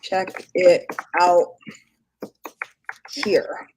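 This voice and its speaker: A woman's voice: on the low side, extremely slow, a little mellow. Woman host, chatty, giggly, faint noise behind, live-stream chat. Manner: chatty, giggly, self-deprecating. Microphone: computer mic, screen sharing.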